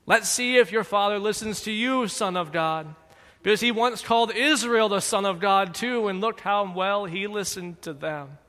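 A man's voice: high-pitched, moderate pace, a bit bright, in a large hall, pitched above the performer's own voice. A man voicing a scheming, mocking male serpent who tempts with a wheedling, taunting manner.

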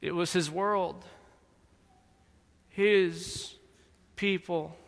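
A man giving dramatic scripted narration in a slow, deliberate, solemn manner. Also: sits high, fairly even intonation, in a large hall.

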